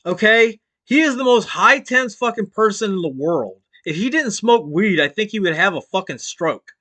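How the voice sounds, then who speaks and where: A man hosting a stream, giving loud, mocking reaction commentary full of swearing. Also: high-pitched, lively intonation, moderate pace. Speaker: stream host.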